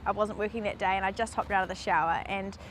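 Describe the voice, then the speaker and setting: NZ female reporter, mid pitch, flat and matter-of-fact. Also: fast talker, a little hiss or hum. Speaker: television reporter. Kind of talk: documentary interview recollection.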